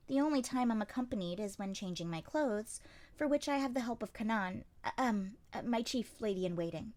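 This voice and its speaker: Woman reads a meek young consort for the audiobook, timid, halting, a touch high. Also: a little mellow, natural voice. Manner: hesitant, halting. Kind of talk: audiobook character reading.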